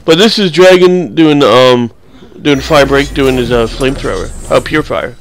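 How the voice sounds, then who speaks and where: A man's voice: medium pitch, moderate pace, vocal fry, a little hiss or hum. A young man giving casual, rambling, crude and joking voice-over commentary on his gameplay clips.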